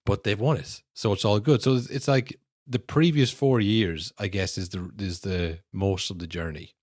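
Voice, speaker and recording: A man co-hosting a podcast, talking football casually and animatedly, acting out fans' back-and-forth in quick asides. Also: lowish voice, no room sound, studio quality. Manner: animated, mimics fans and rivals in quoted asides. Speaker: podcast co-host.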